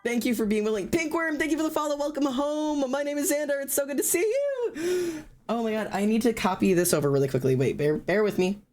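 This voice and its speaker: A streamer chatting casually and loudly to live viewers, rambling and poking fun at themself. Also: medium pitch, animated, fast, background noise. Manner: loud, rambling and self-mocking. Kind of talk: casual livestream chat to viewers.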